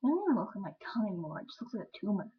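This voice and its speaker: A teenage girl rambling in a casual vlog chat, full of "like" and quick asides. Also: medium pitch, big pitch swings, breathy edge. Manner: chatty, rambling, lots of "like". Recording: lo-fi webcam audio.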